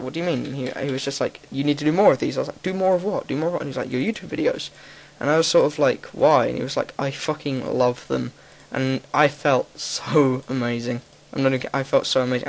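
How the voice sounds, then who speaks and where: A man's voice: mid-range voice, gravelly. A young man with an English accent, talking frankly and rambling as a gaming commentator. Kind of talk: casual gaming commentary monologue.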